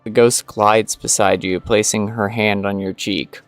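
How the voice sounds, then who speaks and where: Brief: male streamer, low voice, reads quest text aloud with ums, faint music under. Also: flat delivery, measured pace. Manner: reads second-person story text, with hesitant fillers. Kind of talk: reading a game quest aloud.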